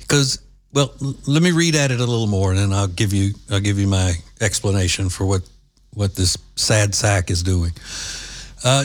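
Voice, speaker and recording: A man hosting an opinion commentary show, sarcastic and scornful in his asides. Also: mid-range voice. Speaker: political commentator.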